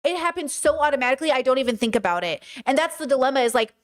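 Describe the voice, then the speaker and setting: Young woman host for a casual stream; chatty and animated, sits a little high, lapses into imitated voices. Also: very fast. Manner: animated, chatty, often mimics voices mid-story. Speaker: livestream host. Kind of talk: casual livestream chat.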